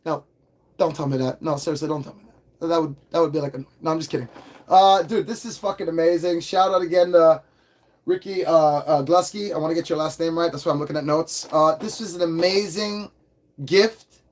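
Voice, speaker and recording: A man's voice: fairly high pitch, a little fast. Hyper, swearing man reviewing toys. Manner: hyper, excitable, swears freely. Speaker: toy reviewer. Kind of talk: casual livestream toy review.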